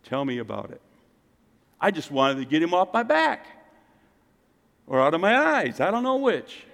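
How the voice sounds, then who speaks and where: Guy preaching a sermon, kinda high voice, big swings loud to quiet, church hall echo. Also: big pitch swings, moderate pace, vocal fry. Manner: dynamic preaching, rising to loud exclamations and dropping to quiet intensity. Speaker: pastor. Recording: long reverb of a church hall.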